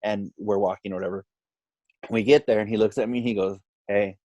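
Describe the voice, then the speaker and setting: A man casually telling a story on a podcast, animated, acting out what other people said. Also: fairly low pitch, a little fast, dry recording, muffled recording. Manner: animated, quotes others in lively voices. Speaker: podcast guest.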